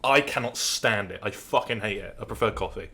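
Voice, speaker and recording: A man's voice: fairly low pitch, fairly quick, bright, forceful tone. A young man from Southwest England, a podcast guest in casual chat, laughing often and swearing heavily.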